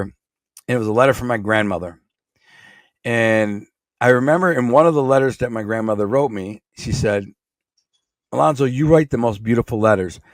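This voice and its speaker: A man's voice: medium pitch, no room sound, studio quality. A middle-aged man from Michigan with a Michigan accent, telling a rambling story in blunt, streetwise words as a podcast guest. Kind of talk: casual storytelling.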